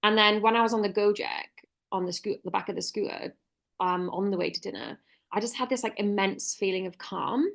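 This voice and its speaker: Fast-talking chatty woman co-host. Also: mid-range voice, gravelly. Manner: rambling, chatty storytelling with many fillers. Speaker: podcast co-host. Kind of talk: casual chat.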